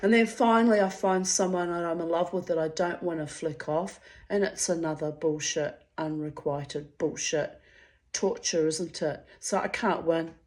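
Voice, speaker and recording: A middle-aged woman vlogger tells her channel a story in a casual monologue, blunt, profane and dramatic. Her voice sits on the low side with a steady, darkish tone, and she speaks at a moderate pace.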